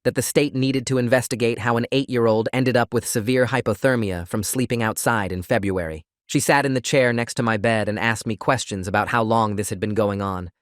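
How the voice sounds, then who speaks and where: A man narrating a first-person story in a steady, even reading voice. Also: medium pitch, a little fast, few pauses, dry recording, clean studio sound. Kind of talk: scripted narration.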